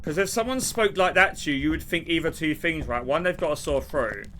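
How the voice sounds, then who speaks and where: Young male streamer, rambling, excitable gameplay chat, bright tone, light background hiss. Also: on the high side. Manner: rambling, animated, quick to laugh and shout. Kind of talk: casual gameplay commentary.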